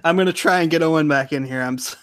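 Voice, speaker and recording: A man's voice: a little high, fast talker, clear, resonant tone, no room sound, studio quality. A male livestream host speaking hesitantly with many fillers. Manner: hesitant, filler-heavy, laughing nervously. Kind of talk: livestream hosting.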